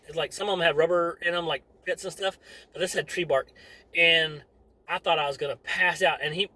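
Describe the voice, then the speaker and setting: A man telling a story casually and in a rambling, animated way for his vlog. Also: on the high side, breathy edge, poor audio.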